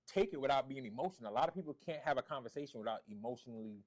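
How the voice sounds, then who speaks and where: A man's voice: mid-range voice, animated, very fast, background noise. A man on a casual podcast panel who keeps probing the others with questions. His voice is mid-range, and he tends to stammer through repeated words. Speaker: podcast co-host.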